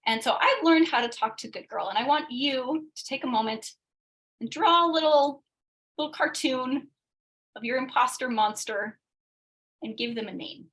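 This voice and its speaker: A woman presenting an interactive coaching workshop over a video call, animated, acting out quoted voices and often checking in with tag questions. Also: sits high, normal speed, poor audio.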